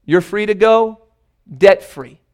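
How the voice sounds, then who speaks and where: A male preacher playing a king who demands repayment of a debt, speaking slowly and firmly. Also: high-pitched, a little mellow, smooth. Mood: generous. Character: stern king demanding his money back.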